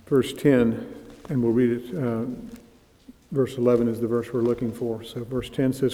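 A man teaching a sermon, reading scripture aloud and slowing down to stress key phrases. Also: medium pitch, level tone, mellow. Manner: reads scripture aloud with rising emphasis, slows on key phrases. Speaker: preacher. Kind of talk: expository Bible teaching. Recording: long hall reverb.

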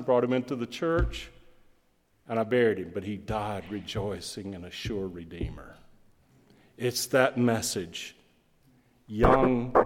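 A middle-aged man, a pastor, preaching a sermon with emphatic swings between loud and quiet. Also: medium pitch. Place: church sanctuary. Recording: long reverb of a church hall.

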